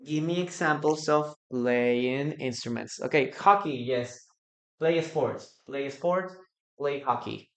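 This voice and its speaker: Peruvian guy teaching english live, spanish is his first language, goes real slow and says every phrase twice. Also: mid-range voice, a bit bright. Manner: repeats phrases slowly for practice, answers viewers' comments. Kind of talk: live online English lesson.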